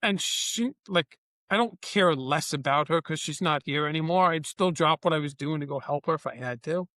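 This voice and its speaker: Animated storytelling business owner. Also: male voice, fairly high pitch, normal speed, no room sound. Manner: animated, acts out dialogue in his anecdotes. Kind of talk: conversational storytelling.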